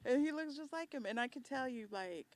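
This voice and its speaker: A woman's voice: high-pitched, expressive, fairly quick, no echo. A woman on a podcast who chats casually, often laughs, and keeps chiming in. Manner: laughs a lot, chimes in often. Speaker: podcast guest. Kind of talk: casual chat.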